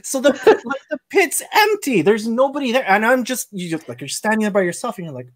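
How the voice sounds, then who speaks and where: A man hosting a casual podcast, telling work stories with lively acted-out quotes. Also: extremely high pitch, fairly quick, hardly any pauses, no room sound, studio quality. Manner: animated storyteller acting out quoted lines. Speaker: podcast host, casino dealer.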